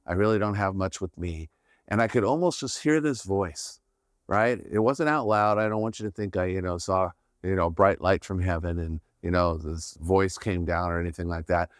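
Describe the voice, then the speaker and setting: A man's voice: low voice, fairly quick, dry recording, studio quality. A man hosting a podcast, giving a conversational faith teaching in an earnest tone, often checking in with "right?". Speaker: podcast host.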